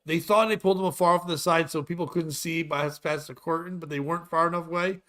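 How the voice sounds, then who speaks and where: A man in his forties, a podcast host, ranting crudely and loudly in comedic chat. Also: a little high, quick pace. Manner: profane, loud, animated ranting.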